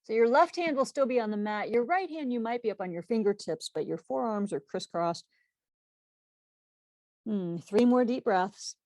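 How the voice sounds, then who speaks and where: A woman teaching a live online yoga class, giving calm, steady cues over a video call. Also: a little high, normal speed, no room sound. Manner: calm cueing with self-correcting laughs.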